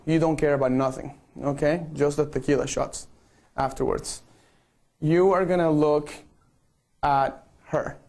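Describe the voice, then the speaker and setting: A man's voice: fairly high pitch, a little mellow. Playful man directing a photo shoot. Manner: playful, coaxing, repeats okay. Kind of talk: live-streamed instruction.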